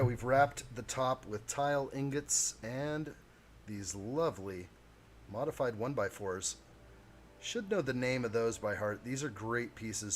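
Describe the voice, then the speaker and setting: A live-stream host with a medium-pitched voice chats loosely with viewers while building a model kit, thinking aloud and chuckling as his talk wanders. A faint layer of noise sits beneath his voice.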